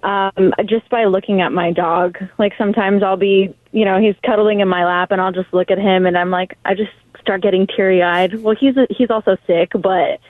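A woman calling into a radio show, talking haltingly and tenderly about her dog. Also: medium pitch, fairly even intonation, no echo. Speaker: caller. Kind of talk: phone call on air. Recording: tinny phone line.

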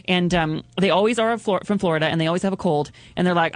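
A man's voice: sits high, fast talker, no echo. Guy gabbing and laughing through a story, dry close mic. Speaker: co-host. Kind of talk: casual chat.

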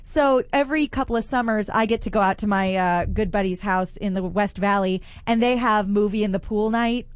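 A woman co-hosting a radio show, telling stories in animated, blunt and crude casual banter. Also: mid-range voice, a little fast, few pauses, no room sound. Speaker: radio co-host. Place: radio broadcast from a shopping promenade.

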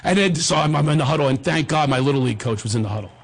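A middle-aged man hosting a talk show, telling a comic story in an animated, jokey way. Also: on the high side, very fast, breathy edge. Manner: animated, jokey storyteller who acts out the voices. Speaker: host.

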